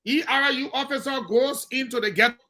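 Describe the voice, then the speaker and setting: A man with a Liberian English accent comments on a call-in radio program. His voice is bright and forceful, and he drives each point home by repeating it. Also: very high-pitched, fairly quick. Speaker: political commentator on call-in show.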